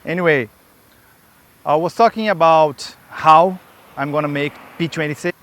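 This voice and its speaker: Skating through an outdoor park, a skate builder vlogs in a fairly high, fairly bright voice at a moderate pace. He's breathless and chatty, drifting off topic and cutting himself off with asides. The audio comes from a camera he holds or has strapped on.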